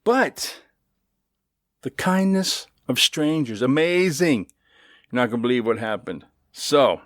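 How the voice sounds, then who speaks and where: A man's voice: mid-range voice, dry recording, clean studio sound. A middle-aged man hosting his own podcast, telling a story in a loose, chatty way with swearing and asides. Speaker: podcast host. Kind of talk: casual storytelling monologue.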